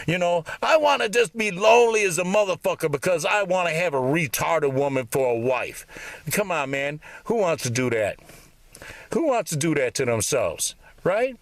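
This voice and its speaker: A man's voice: on the high side, creaky, fairly bright tone, no echo. A man in his fifties ranting bitterly in a rambling, profanity-laden monologue. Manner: bitter, rambling, swears constantly. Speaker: vlogger.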